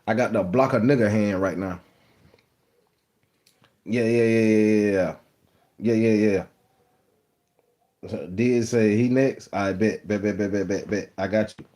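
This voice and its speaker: A man with a low, slightly mellow voice hosts a live stream recorded on a phone, speaking at normal speed with fairly even intonation and long pauses. He chats loosely and repetitively with viewers, teasing commenters and addressing them as "gang."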